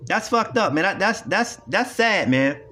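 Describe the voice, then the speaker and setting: A man's voice: high-pitched, animated, a little slow, pushed and bright, faint music behind. A man ranting in a video commentary, profane and repetitive as he lectures emphatically. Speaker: online commentator.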